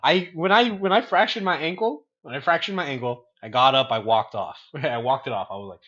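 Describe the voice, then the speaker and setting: A man's voice: mid-range voice, a little fast, few pauses, fairly bright tone, lo-fi sound. A young man and podcast co-host telling rambling stories in casual chat. He swears freely and laughs often.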